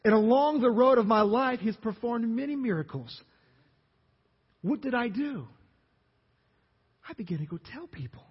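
Pastor with a Louisiana accent, raised voice and husky tone; animated sermon, questions thrown to the congregation, dull audio with long reverb. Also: male voice, very high-pitched, moderate pace, pauses often. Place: church sanctuary.

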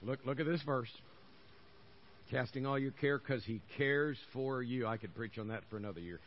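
A man's voice: medium pitch, normal speed, muffled recording. Folksy older male pastor preaching. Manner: folksy, conversational preaching with repeated emphatic phrases. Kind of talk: sermon.

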